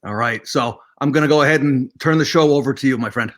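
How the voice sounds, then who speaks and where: A man's voice: mid-range voice, fast. A man hosting an event, introducing and welcoming his guest with some filler words. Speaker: host.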